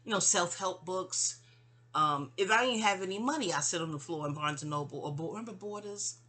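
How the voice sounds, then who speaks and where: A woman from New York speaking in a rambling, digressive personal monologue addressed to her mother, full of restarts and asides, often dropping soft. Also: lowish voice, fairly quick. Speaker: vlogger.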